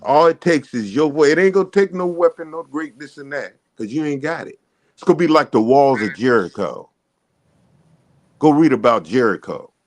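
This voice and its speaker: A man's voice: medium pitch, expressive, moderate pace. A man hosting a morning talk show, giving emphatic, preachy political commentary.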